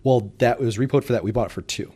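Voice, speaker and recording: A man's voice: medium pitch, fast, husky. A man from the Detroit suburbs of Michigan, around forty, telling business stories as a guest in a casual interview, acting out the people he quotes. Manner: animated storyteller who acts out quoted voices. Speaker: guest entrepreneur.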